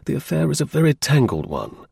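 A man voicing a sharp, aloof male detective who speaks in a measured, lecturing way, in a husky, gravelly voice. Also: fairly high pitch, sing-song, no echo, pitched above the performer's own voice, exaggerated voice. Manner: measured, explaining, a little dry.

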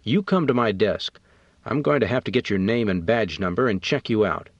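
Man doing a stern woman guard, officious, demanding, low voice, dull dry audiobook sound. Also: lively intonation, normal speed, dry recording.

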